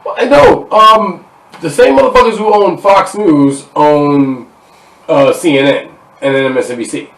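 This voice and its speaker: A male podcast guest talking casually, blunt and profane, with animated outbursts. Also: on the high side, a little slow, vocal fry. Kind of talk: casual conversation. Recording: roomy, distant mic.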